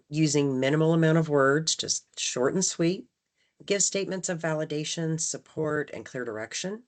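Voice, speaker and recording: A woman leading a staff training session, talking conversationally and often checking in with "right?". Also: low voice. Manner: acts out phrases with shifting emphasis. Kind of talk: training presentation.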